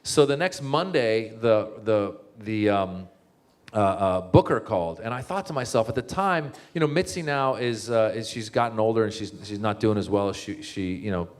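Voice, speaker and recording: A man, a comedian speaking as a guest, telling stories in a casual talk, full of restarts, fillers and sudden jumps in pitch when he acts out his own thoughts. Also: lively intonation, moderate pace. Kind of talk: storytelling talk.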